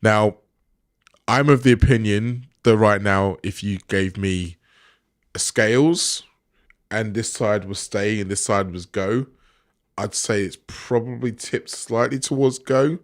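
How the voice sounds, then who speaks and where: A man with a very low voice hosts a casual football podcast, recorded with a dry, close sound. He lays out each topic in a measured, steady way. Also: dry recording. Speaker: podcast host.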